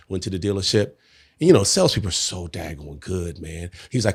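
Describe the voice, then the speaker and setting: A man guesting on a podcast, telling a personal story in an animated way and acting out the quotes. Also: deep voice, quick pace, breathy edge. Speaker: podcast guest, network marketer. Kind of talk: conversational storytelling.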